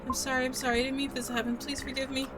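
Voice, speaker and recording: A woman voicing a frantic young woman who pleads in a high, breathless voice. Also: wildly swooping pitch, normal speed. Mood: pleading. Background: game music.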